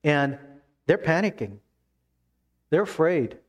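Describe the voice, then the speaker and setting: A man preaching a sermon as pastor, emphatic, then dropping to hushed tones. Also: on the high side, very animated, slow.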